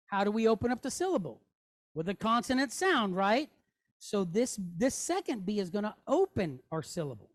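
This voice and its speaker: A woman leads a classroom lesson at a medium pitch for a woman. She explains patiently, sounding out each letter and syllable slowly and drawing them out for her students. She keeps checking in with a quick "okay?" or "right?" as she goes. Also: sing-song. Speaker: Hebrew teacher.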